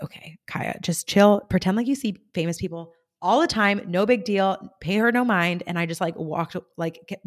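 A young woman tells personal stories on her podcast in a casual, gushing monologue. She acts out her own quoted thoughts with lively swings in her voice. Her pitch sits a little low for a woman. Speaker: podcast host.

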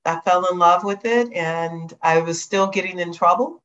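A middle-aged woman from Chicago, a guest telling her life story in a lively, animated way. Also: lowish voice, normal speed. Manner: lively, animated retelling with acted quotes. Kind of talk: storytelling interview. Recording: dull lo-fi sound.

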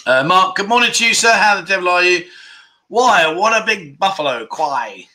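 A man's voice: high-pitched, lively intonation, normal speed, bright, forceful tone. A middle-aged man hosting a casual livestream, reading out viewer comments with jokes and frequent laughter. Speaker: livestream host.

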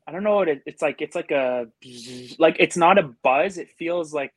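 A man's voice: a little high, brisk, dry recording. A man telling a story as a podcast guest in a casual way, rambling and full of fillers. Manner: rambling, filler-heavy with many likes.

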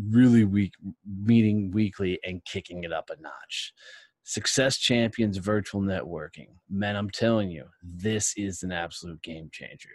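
Brash low-voiced male podcast host. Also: dry recording. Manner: brash, hype-driven, swears casually. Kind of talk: energetic promotional pitch and interview.

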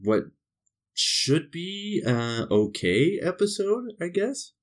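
A man's voice: fairly high pitch, sing-song, takes it slowly. A man co-hosting a podcast in casual chat. He rambles, laughs often and swears casually. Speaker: podcast co-host.

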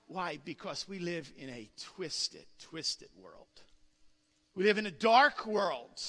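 A man's voice: high voice, bright, forceful tone. A man preaching a sermon as pastor, telling a story earnestly with many restarts. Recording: long hall reverb.

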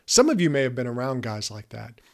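A man in his fifties speaks as a podcast host, coaching his listeners in an earnest, emphatic way. His voice sits at an ordinary middle pitch for a man. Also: sing-song, a little fast, creaky. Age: 50s. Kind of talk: motivational podcast talk.

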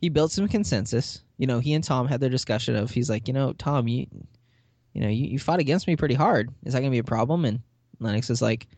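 A man's voice: mid-range voice, fast, no echo. A man with a mid-range voice talks through a TV plot in a casual podcast chat and slips into the characters' lines as he goes. The sound is close and dry, with no room around it. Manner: lively retelling, acting out characters' lines with laughs. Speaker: podcast host. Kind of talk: casual chat recapping a TV episode.

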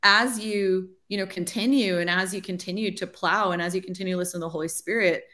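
Speaking fast in a fairly low, pushed and bright voice with fairly even intonation, a forties-aged ministry leader recounts her story in an interview. It's a chatty testimony, heavy on "like", where she acts out the thoughts she once had.

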